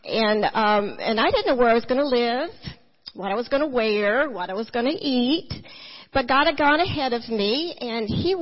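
A middle-aged woman giving a church testimony, storytelling with animated quotes and frequent laughter. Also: a little high. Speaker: guest speaker giving a testimony. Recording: muffled lo-fi church recording.

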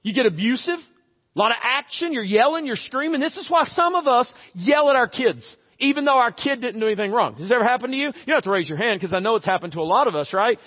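A man's voice: extremely high pitch, expressive, fast talker, husky. A man preaching a conversational, humorous sermon as a pastor, acting out little everyday scenes. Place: church sanctuary. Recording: reverberant church hall, slightly dull audio.

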